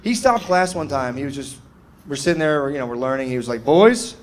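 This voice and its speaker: A man's voice: medium pitch, lively intonation, quick pace, background noise. A man, telling stand-up stories in a laid-back way, full of "dude" and "man", acting out the people in them. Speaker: stand-up comedian. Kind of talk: stand-up storytelling. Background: audience laughter.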